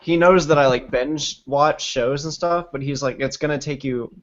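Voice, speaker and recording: A man's voice: on the high side, moderate pace, muffled recording. A man with stuffed-up sinuses chatting casually on a livestream, rambling and swearing freely between laughs.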